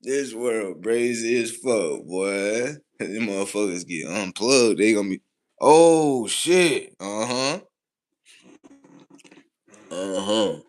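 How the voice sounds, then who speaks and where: On a casual livestream, a man rambles at a slow pace, cursing and using plenty of slang. He laughs a lot and swings between loud outbursts and low mumbling.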